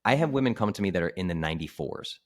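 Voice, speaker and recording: A health coach appears as a guest in a relaxed podcast conversation, his low voice coming out rapid-fire. He's animated, packs his speech with "like," and performs the voices of people he quotes.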